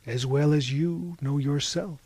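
A man voicing a weary sea captain who answers questions with calm, enigmatic replies, in an audiobook reading. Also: a little high, a little slow, breathy edge, no echo.

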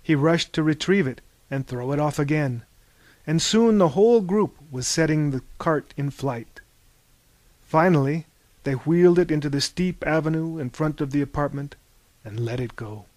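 A man's voice: normal speed, dry recording. Dry-voiced man reading a story aloud. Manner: animated, bursts into loud high character shouts. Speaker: narrator. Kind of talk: audiobook narration.

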